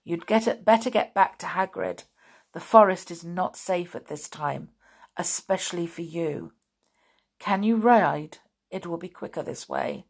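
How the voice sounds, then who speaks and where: A woman voicing a young, noble male centaur who speaks in a grave, measured way in a storybook reading. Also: on the low side, big pitch swings, breathy edge, full character voice. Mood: urgent.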